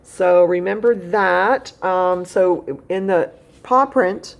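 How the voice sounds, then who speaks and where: A woman teaching phonics to a child at home in a patient, step-by-step way. Her voice sits fairly low and has a gravelly edge. She repeats the main points slowly so they sink in. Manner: speaks directly to a child at home. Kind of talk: recorded phonics lesson for young pupils.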